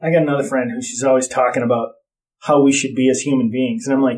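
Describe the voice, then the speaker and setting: A man's voice: medium pitch, fairly even intonation, quick pace, a little mellow. A middle-aged man in casual chat, telling blunt, profane stories about parenting.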